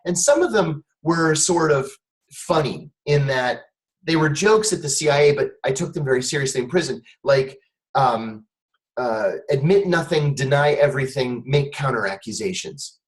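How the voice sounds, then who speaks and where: A man's voice: on the high side, normal speed, poor audio. A man being interviewed, telling a long personal story and acting out the voices of the people in it. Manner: animated storyteller, acts out quoted voices. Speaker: guest, former intelligence officer.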